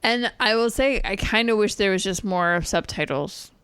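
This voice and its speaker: A woman's voice: medium pitch, moderate pace, fairly bright tone, clear, resonant tone, no echo. A woman in her thirties co-hosting a podcast, chatting casually and rambling with many restarts. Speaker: podcast co-host. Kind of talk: casual chat.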